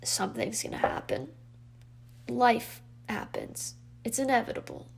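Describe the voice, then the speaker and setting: A woman's voice: fairly high pitch, huge pitch swings, unhurried, gravelly, slightly rough. A woman in her twenties talking in an emotional, rambling confessional vlog, tearful and full of fillers. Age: 20s. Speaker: vlogger.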